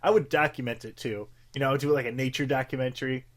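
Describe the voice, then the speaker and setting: A man's voice: medium pitch, fairly even intonation, fast talker. A young man co-hosting a podcast, rambling in casual chat with lots of fillers and swearing. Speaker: podcast co-host.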